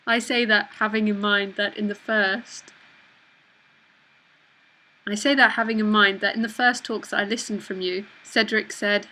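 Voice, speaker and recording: A woman teaching in an online talk, reading comments aloud. She jokes, swears bluntly and laughs a lot. Her voice sits at an ordinary middle pitch and comes out bright and forceful. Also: steady tone, unhurried, pauses often, rough recording. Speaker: spiritual teacher.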